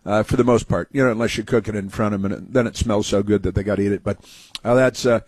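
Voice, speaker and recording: A man's voice: on the low side, fairly even intonation, fast talker, a little mellow, husky, no echo. A male talk radio host giving scornful, sarcastic political commentary in a rambling way.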